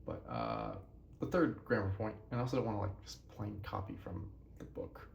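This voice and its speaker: A man's voice: on the low side, sing-song, moderate pace, creaky, reverberant, a little hiss or hum. A tired young man teaching a casual language lesson, rambling and correcting himself as he goes.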